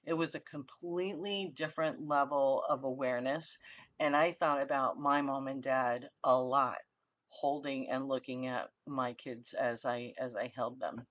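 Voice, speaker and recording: A middle-aged woman lectures in an earnest, conversational manner, often pausing on fillers and restarting her sentences. The recording is dry and a little muffled, with no room sound. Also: a bass voice, fairly even intonation, fairly bright tone, no echo. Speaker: university lecturer.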